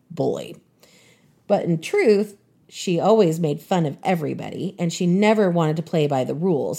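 A woman in her fifties hosting a podcast, telling a personal story in an expressive way. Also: lowish voice.

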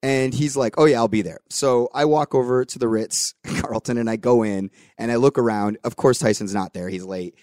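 Dry-sounding man telling a lively story. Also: mid-range voice, normal speed, hardly any pauses, dry recording. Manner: animated anecdote-telling with voiced quotes and some swearing. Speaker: podcast host. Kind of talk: casual storytelling chat.

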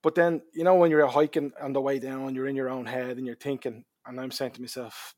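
An Irish man telling a long personal story as a podcast guest, lively, dropping to a murmur at quiet moments. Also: medium pitch, fairly quick, hardly any pauses, no room sound. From Ireland. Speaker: charity hike organizer, guest.

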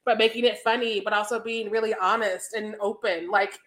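A woman's voice: medium pitch, fairly even intonation, brisk, a bit bright. A woman co-hosting a podcast in casual chat, playful and candid, laughing often. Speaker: podcast co-host.

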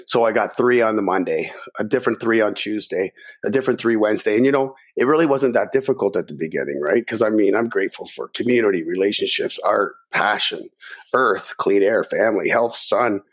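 Man, middle-aged, husky voice, animated storyteller, podcast guest, acts out his own thoughts. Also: on the low side, brisk. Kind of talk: personal storytelling in a podcast interview.

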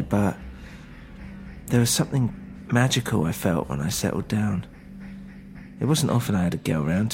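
Male narrator, lowish pitch, first-person story reading, slightly halting. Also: slightly rough.

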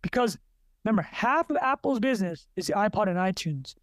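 Podcast host, male, high pitch, rambling off notes, dead-dry close sound. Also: expressive, fairly quick, no room sound. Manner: rambling, self-interrupting, frequent uh fillers. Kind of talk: casual solo podcast talk.

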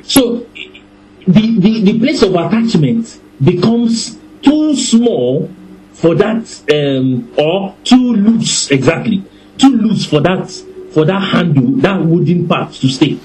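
A man preaching a sermon with a high voice that swoops widely up and down. He takes his time, stretching out his phrases and letting his points land slowly. His delivery is lively and warm, with laughter breaking through now and then. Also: slight background noise, poor audio. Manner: animated, deliberate, breaks into laughter.

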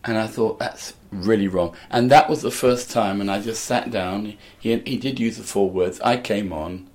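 An older man with a low voice tells stage stories in a dry, anecdotal way. He slips in quoted lines as he goes, always measured and conversational. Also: darkish tone. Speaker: comedian guest. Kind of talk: casual conversation, storytelling.

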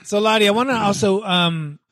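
A man's voice: sits high, a little fast, fairly bright tone, no echo. A man hosting a podcast, friendly and teasing, hesitating with many restarts. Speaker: podcast host. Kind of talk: casual podcast chat.

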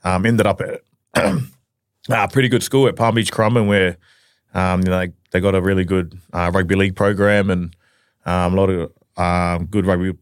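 A man from New Zealand, a rugby league player guest, talking hesitantly with many pauses. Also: sits low, flat delivery, smooth, no echo, clean studio sound. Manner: hesitant, many ums, soft-spoken. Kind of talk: casual chat.

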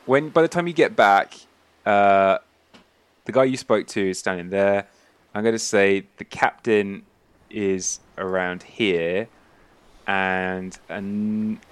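A man narrating as game master of a tabletop game, throwing in quick voices for the characters. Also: fairly low pitch, clear, resonant tone. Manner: voices the sailors in quick asides.

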